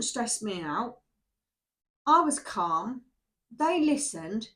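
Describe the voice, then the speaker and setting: A woman talks her viewers through a tarot spread in a loose, rambling way, her voice sitting a little high. She keeps checking in with "yeah?" and "okay?" as she goes. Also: very animated, very slow, pauses often, fairly bright tone. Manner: chatty and rambling, often asking "yeah?". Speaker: tarot reader. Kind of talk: casual spoken tarot reading to camera.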